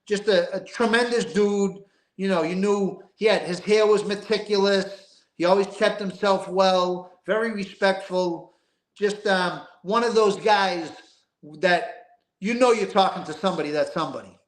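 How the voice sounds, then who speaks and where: Older man, rambling and emphatic, fairly high voice, roomy echo. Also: measured pace. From East Boston. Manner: emphatic, rambling, street-talking, profane. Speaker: guest. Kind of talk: casual interview storytelling.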